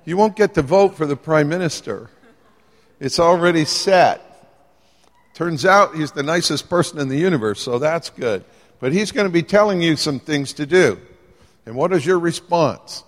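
Lively man preaching in a reverberant hall. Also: on the high side, normal speed. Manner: lively, conversational, jokes with the audience. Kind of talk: sermon. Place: church hall with live congregation.

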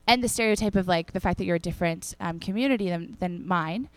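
A woman's voice: fairly low pitch, fast, no room sound. A young woman giving a casual, chatty sermon to a congregation, acting out the people in the stories as she tells them. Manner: chatty and animated, acts out the people in the story. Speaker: preacher.

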